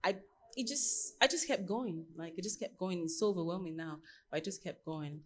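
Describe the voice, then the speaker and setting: A woman from Nigeria in her thirties, a costume designer answering on a panel as an animated, laughing storyteller. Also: fairly low pitch, moderate pace, slight background noise.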